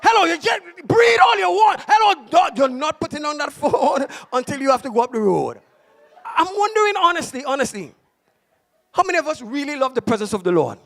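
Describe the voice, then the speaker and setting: A pastor preaching a passionate sermon, mixing stories with shouted exhortation. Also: male voice, very high voice, big pitch swings, fairly quick, gravelly. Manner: impassioned, shouting preaching with storytelling.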